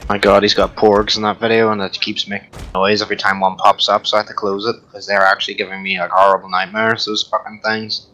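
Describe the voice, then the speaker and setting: A man's voice: lowish voice, little pitch movement, fast talker, hardly any pauses, pushed and bright, poor audio. A man hosting a casual gaming chat, full of profane, rambling banter. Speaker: podcast host.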